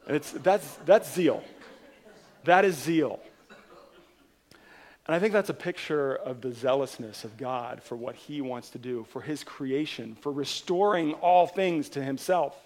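A man preaching a sermon as pastor, telling a story in an animated way and driving points home with emphatic repetition. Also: a little high.

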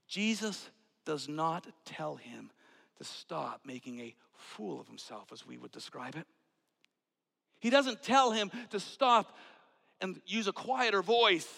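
A man preaching a sermon, swinging from hushed whispers to loud outbursts. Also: high-pitched, vocal fry. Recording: long hall reverb.

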